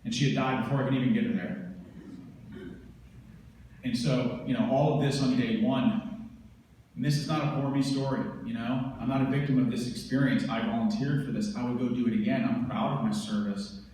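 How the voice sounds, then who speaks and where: A man's voice: medium pitch, fairly even intonation, fairly quick, darkish tone, distant mic, a little hiss or hum. A man from the United States, a veteran speaker, intensely and vividly retelling a personal story. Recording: roomy hall from afar.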